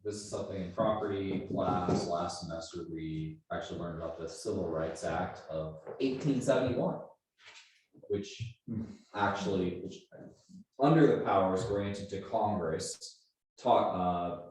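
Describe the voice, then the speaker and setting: Low-voiced guy student explaining a point, far from the mic, super echoey. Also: unhurried, a little mellow. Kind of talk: class discussion comment.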